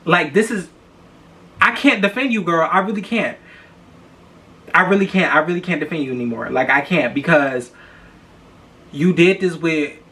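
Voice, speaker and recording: Profane, animated young man gossiping. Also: on the high side. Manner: blunt, profane and animated, repeats himself for emphasis. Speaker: podcast host. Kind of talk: casual celebrity gossip commentary.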